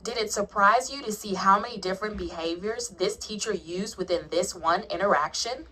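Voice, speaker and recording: A woman calmly narrating a childcare training video, explaining what teachers do. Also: mid-range voice, normal speed, recorded from a distance, low-quality recording. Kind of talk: scripted narration.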